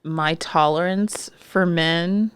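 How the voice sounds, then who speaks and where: A woman's voice: on the low side, fairly even intonation, slow, smooth, no echo. A woman co-hosting a podcast in casual chat, with wry, sarcastic quips. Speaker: podcast co-host.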